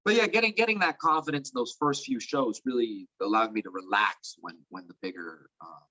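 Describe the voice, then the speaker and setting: A young man chatting as an interview guest, rambling and filling pauses with "like" and "um". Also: mid-range voice, expressive, pushed and bright, dry recording, rough recording. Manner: rambling, heavy use of fillers like "like" and "um". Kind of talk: casual chat.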